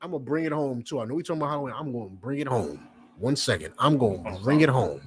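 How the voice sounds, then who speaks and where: A man's voice: medium pitch, expressive, fast, a little hiss or hum. A man giving a fiery, profane preaching lecture, repeating points and questioning his listeners. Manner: emphatic, repetitive, profane; questions the audience directly. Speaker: preacher and teacher.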